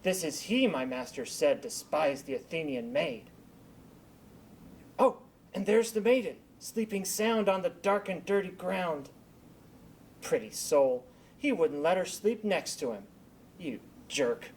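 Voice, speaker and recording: A man's voice: on the high side, lively intonation, unhurried, pauses often, slightly rough, heavily acted. A man playing a mischievous male fairy servant who teases and casts spells in an amateur Shakespeare reading. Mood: sly. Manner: teasing, then chanting spells.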